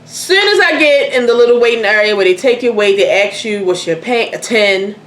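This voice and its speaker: A woman's voice: on the high side, fairly quick. Candid woman telling a story. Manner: candid, animated, swears freely. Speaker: host. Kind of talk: casual storytelling chat. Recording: echoey room, faint noise.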